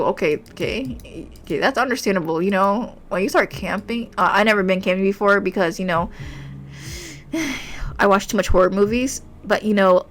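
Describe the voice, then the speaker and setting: A young woman, a streamer who reacts excitably and laughs often while reading a story game aloud. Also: medium pitch, a little hiss or hum. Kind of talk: game playthrough commentary.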